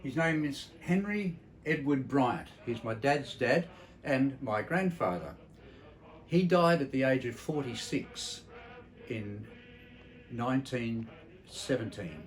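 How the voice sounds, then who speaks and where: A man's voice: medium pitch, expressive, slow pace, poor audio. Blunt older Australian man telling war stories. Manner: blunt, salty, reflective storytelling with hesitations. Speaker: entertainer presenting a memorial tribute. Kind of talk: spoken tribute with family stories.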